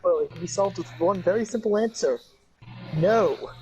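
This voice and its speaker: A man in a casual voice chat with friends, talking in a mock-formal, measured, lecturing way. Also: sits high, mellow, dull audio, soft background music. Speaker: gamer in a friend group.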